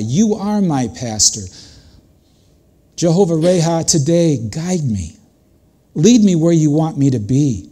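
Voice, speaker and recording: Older male pastor, earnest conversational sermon, slightly high voice, unhurried delivery. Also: a little mellow.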